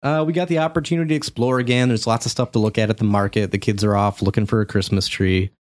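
Animated man recapping a game. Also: lowish voice, fast talker, dry recording, studio quality. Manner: animated storytelling, laughs often. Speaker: podcast co-host recapping a video game. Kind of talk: casual chat.

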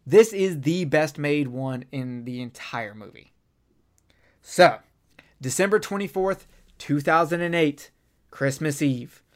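Profane, rambling film-review co-host. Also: medium pitch. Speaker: podcast co-host reviewing a horror anthology film. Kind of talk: casual film review chat.

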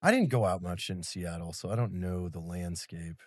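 A man co-hosting a casual conversation, chatty and quick to chime in and laugh. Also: sits low, no echo, studio quality. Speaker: podcast co-host.

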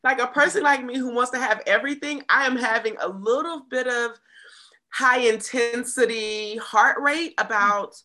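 A woman triathlete guest in a casual interview, animated and laughing easily. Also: fairly high pitch, moderate pace. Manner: animated, laughs easily, swings loud to soft.

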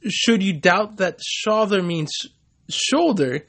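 A man's voice: fairly high pitch, a little fast. Swearing man in casual chat. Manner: swears constantly, stumbles over words. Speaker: podcast co-host. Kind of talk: casual chat explaining word origins.

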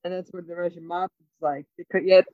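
A woman co-hosting a podcast, telling a story with lots of laughs and quick asides. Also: on the low side, steady tone, no echo, narrow, tinny audio. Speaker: podcast co-host. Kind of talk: casual chat.

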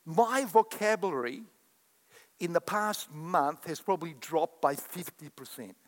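In a measured, fairly high-pitched voice, a male pastor delivers a sermon, voicing quoted speakers and calling out to the congregation. The hall is echoey, with a long reverb tail.

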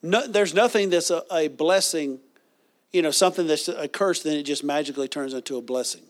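A man's voice: a little high, brisk. A man preaching a sermon, reading scripture and leading the congregation in call-and-response.

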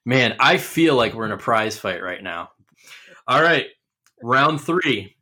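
A man's voice: medium pitch, animated, takes it slowly, pushed and bright. A man hosting a casual podcast chat, ribbing his friends in a joking, mock-dramatic way. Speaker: podcast host.

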